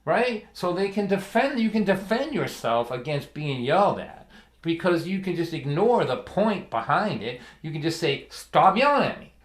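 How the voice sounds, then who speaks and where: A man spins a story between songs, chatty and animated, with a slightly raised voice. The sound rings in a roomy, echoey space. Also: a little high, normal speed. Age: 60s. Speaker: folk singer and livestream host. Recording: roomy echo.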